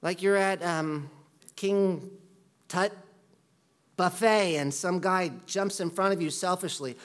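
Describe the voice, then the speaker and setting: A man preaching a conversational sermon as a pastor, talking loosely with lots of "like" and bursting into loud quoted voices. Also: sits high, slow. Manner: chatty, peppered with "like", jumps into loud quoted voices.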